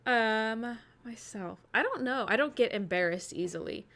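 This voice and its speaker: A woman's voice: a little high, lively intonation, moderate pace, hardly any pauses, fairly bright tone. A woman hosting a casual chat, telling rambling anecdotes and laughing easily. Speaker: host.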